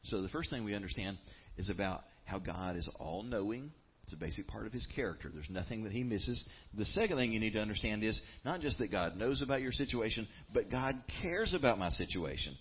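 A man preaching a sermon as a pastor, earnest and emphatic, with dramatic pauses. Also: fairly low pitch, animated, husky, highs cut off.

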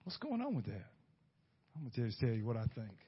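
A male pastor preaching a sermon, swinging from loud bursts to hushed asides and asking the congregation rhetorical questions. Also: mid-range voice, huge pitch swings, fairly quick, husky. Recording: dull lo-fi recording.

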